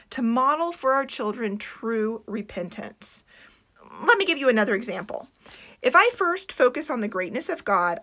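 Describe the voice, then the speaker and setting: An earnest woman gives a reflective devotional talk to fellow homeschooling parents. Her voice sits a little high and sounds bright. It moves up and down a lot, and she slows down to stress her points. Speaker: Christian homeschooling speaker.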